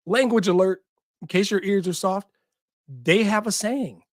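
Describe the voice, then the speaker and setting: A man's voice: high-pitched, animated, moderate pace, dry recording, clean studio sound. A man hosting a sports podcast, talking emphatically and repeating short punchy lines, with an occasional curse. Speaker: podcast host. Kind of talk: passionate sports talk.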